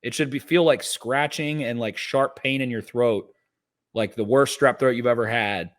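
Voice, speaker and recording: A man's voice: medium pitch, normal speed. A man co-hosting a casual sports podcast, giving a fired-up, cursing pep talk. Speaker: podcast co-host.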